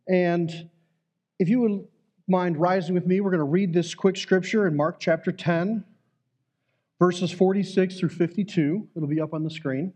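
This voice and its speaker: A man's voice: high voice, a little mellow, muffled recording. A man, a church elder, giving an earnest, conversational sermon with some fillers and restarts.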